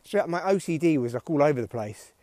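A man rambles through a solo podcast monologue in a dry, self-mocking way. His voice sits fairly high for a man. The recording is close and dry. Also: lively intonation, fast, warm tone, dry recording. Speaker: podcast host.

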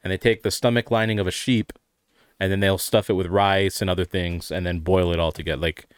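A man's voice: low-pitched, fairly even intonation, a little fast, smooth, no room sound, studio quality. A man co-hosting a casual podcast chat, tossing out joking quips. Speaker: podcast co-host.

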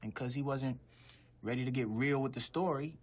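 A man's voice: medium pitch, moderate pace, close to an everyday voice. A man playing a weary reflective street figure. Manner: quiet, reflective, slang.

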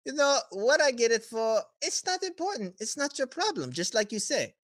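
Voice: medium pitch, sing-song, normal speed, a bit bright, no room sound, studio quality, voice pushed up. A game master voicing a smug, scheming male merchant who keeps saying "you know" and hates confrontation. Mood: smooth-talking. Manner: glib, wheedling, peppered with "you know".

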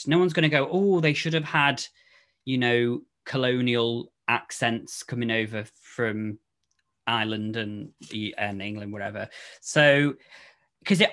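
A man co-hosting a horror film podcast, chatting casually with animated swings that sink low at the ends of his phrases. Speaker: podcast co-host. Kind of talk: casual film review chat.

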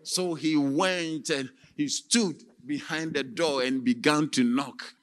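A man preaching as a theatrical storyteller, with sudden shouts and sound effects. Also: a little high, slow pace. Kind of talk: dramatic sermon storytelling.

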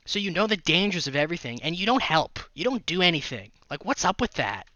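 A man's voice: fairly high pitch, sing-song, fast, bright, forceful tone, no room sound, dull audio. A man co-hosting a casual movie review podcast, ranting in an exasperated, profane way. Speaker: podcast co-host.

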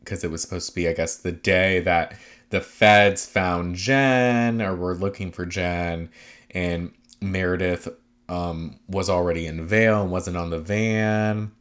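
A man with a fairly low voice chats through a reality-show recap in a loose, gossipy way. He leans on fillers and drops dry, sarcastic asides. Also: fairly even intonation, a little slow, fairly bright tone.

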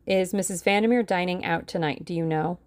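A woman voicing a shrewd older male lawyer who speaks in a calm, dry, authoritative way. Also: on the low side, a little fast, no echo, lightly acted. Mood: measured.

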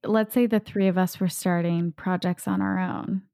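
A woman's voice: on the low side, fairly even intonation, moderate pace, gravelly, dark tone, no room sound, studio quality. A woman co-hosting a casual podcast interview who asks curious questions and reacts briefly. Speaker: podcast co-host.

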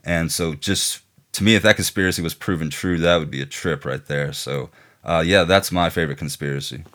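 A man's voice: a bass voice, a little fast, fairly bright tone. A man with a Southern American accent chatting loosely as a podcast co-host, full of fillers like "you know" and "like". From Southern United States. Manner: rambling, filler-heavy. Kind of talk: casual chat.

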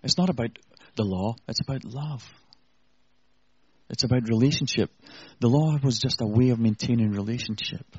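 A man's voice: mid-range voice, normal speed, darkish tone, breathy edge, dry recording, highs cut off. A man preaching an earnest, conversational sermon with self-deprecating asides.

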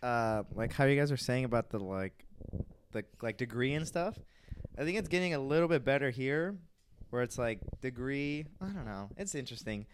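A man's voice: medium pitch, normal speed, a little hiss or hum. A young man hosting a casual podcast chat, rambling with many fillers and acting out quotes. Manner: rambling, filler-heavy, acts out voices. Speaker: podcast host.

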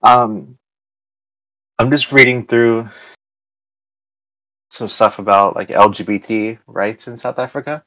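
A man's voice: lowish voice, slow pace, pauses often, dull audio, background noise. A man, hosting a casual chat in a rambling way with many fillers. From United States. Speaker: podcast host.

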